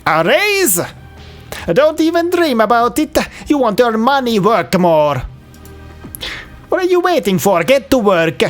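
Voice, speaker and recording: A man's voice: extremely high pitch, sing-song, unhurried, long pauses, faint music behind, voice pushed up, full character voice. A man doing a bossy pizzeria owner in a fake Italian accent. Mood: scolding. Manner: loud, scolding, barking orders.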